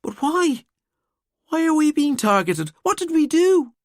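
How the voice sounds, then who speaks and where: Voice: sits high, big pitch swings, measured pace, no echo, clean studio sound, pitched above the performer's own voice. A man voicing a panicked young woman. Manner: panicked, pleading. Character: frightened young woman in hiding.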